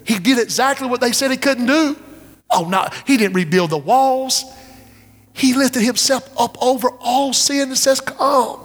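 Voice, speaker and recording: A high-pitched male preacher delivers an impassioned revival sermon in a church sanctuary, pleading again and again for listeners to step out. His voice rings with the long reverb of a large hall. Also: a little slow, fairly bright tone. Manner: impassioned, repetitive pleading calls. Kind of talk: revival sermon with altar call.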